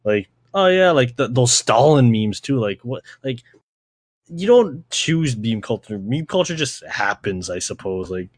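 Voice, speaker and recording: A man's voice: mid-range voice, animated, measured pace, no echo, studio quality. A young man hosting a podcast, talking in a rambling, slangy way, swearing and saying "like" constantly. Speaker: podcast host. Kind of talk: casual podcast chat.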